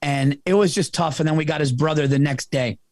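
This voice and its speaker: A man guest on a podcast, telling a long story in a casual, profane, animated way and often calling the listener "dude". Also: on the high side, a little fast, no echo.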